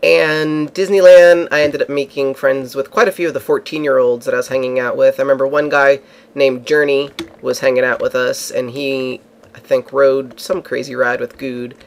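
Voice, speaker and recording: Male vlogger, mid-pitch, casual rambling storyteller. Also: little pitch movement, normal speed. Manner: rambling, with many fillers and restarts.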